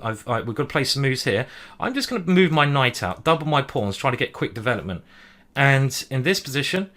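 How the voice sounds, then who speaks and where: A man streaming a simultaneous chess display, thinking aloud move by move in a hurried way and humming as he ponders. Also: medium pitch, sharp tone. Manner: hurried, juggling many boards. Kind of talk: live-stream chess commentary.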